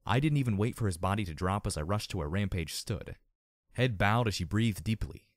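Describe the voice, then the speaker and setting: A hoarse man reads a dark story aloud, his lowish voice rising and falling with drama. The sound is dry and close, with no room around it. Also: fairly quick, no room sound. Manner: expressive, dramatic reading. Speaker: audiobook reader. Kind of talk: fan audiobook narration.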